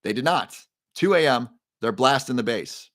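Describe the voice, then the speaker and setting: A man's voice: medium pitch, lively intonation, normal speed, fairly bright tone, dry recording. Chatty male livestream host, dry sound. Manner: chatty storyteller, repeats key phrases. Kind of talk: casual livestream monologue.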